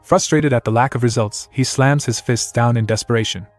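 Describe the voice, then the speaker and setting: A man narrating a comic story recap in a scripted, even storytelling read. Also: medium pitch, a little fast, soft background music.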